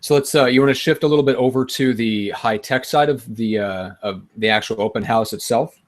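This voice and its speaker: A man hosts a casual podcast chat about real estate. He steers the talk with easygoing prompts and loose, rambling questions. His voice sits at an ordinary mid pitch. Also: a little fast. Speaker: show host.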